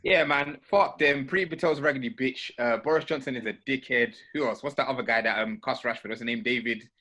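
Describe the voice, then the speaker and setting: A man hosting a casual podcast, bantering loudly and joking with friends. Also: medium pitch, a little fast. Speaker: podcast host. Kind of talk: casual chat.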